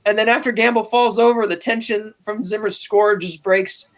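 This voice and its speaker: A woman's voice: medium pitch, moderate pace. A woman hosting a podcast, casually recapping a film scene and acting out the characters' lines. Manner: animated retelling, acting out quoted lines. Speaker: podcast host.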